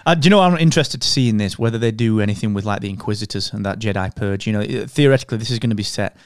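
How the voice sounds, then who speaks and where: A man talks in a relaxed, conversational way as a podcast host. His voice is smooth and clear, recorded close and dry with no room sound. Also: on the low side, rapid-fire, no room sound. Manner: relaxed and conversational, drifting into an upbeat show plug. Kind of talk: casual chat.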